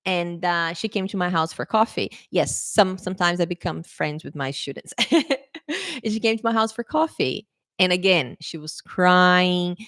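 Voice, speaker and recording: A woman English teacher talking casually to camera. She sounds lively and coaxing, often checking in with "okay?" and "right?". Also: fairly low pitch, no room sound, studio quality.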